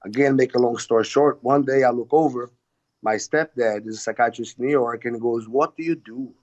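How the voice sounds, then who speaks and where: A man at a middling pitch tells a story in casual, animated fashion. He rambles, restarts often and swears freely. The audio sounds a little dull, like a modest podcast recording. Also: a little fast. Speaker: guest, martial arts coach.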